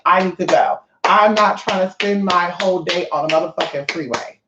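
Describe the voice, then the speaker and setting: A woman's voice: on the low side, moderate pace, noisy background. A woman vlogger talking to her viewers in a brash, profane, rambling rant. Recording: roomy, dull lo-fi sound.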